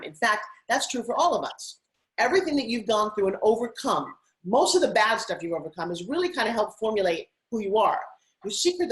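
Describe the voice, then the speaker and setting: A middle-aged woman from Long Island, talking as an interview guest in an upbeat, animated, persuasive way about her own story. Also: medium pitch, poor audio. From Long Island, United States. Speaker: guest, TV host and spokesperson. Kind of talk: motivational interview talk.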